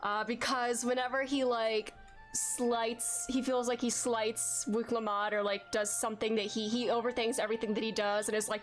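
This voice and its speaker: A woman streamer giving casual let's-play commentary, chatty and excitable, with lots of fillers. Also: fairly high pitch, moderate pace, soft background music. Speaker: game streamer.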